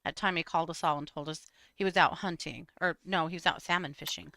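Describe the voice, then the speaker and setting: A woman's voice: fairly low pitch, fairly even intonation, fast talker, creaky, bright, forceful tone, no echo, clean studio sound. A woman co-hosting a casual true crime chat show, telling stories in a wry way. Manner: storytelling, wry, frequent "mm-hmm". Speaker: podcast co-host.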